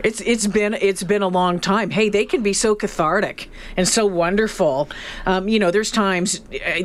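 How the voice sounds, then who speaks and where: A woman co-hosting a radio talk show, chatting casually and reading out survey figures. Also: fairly low pitch. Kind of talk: casual on-air chat.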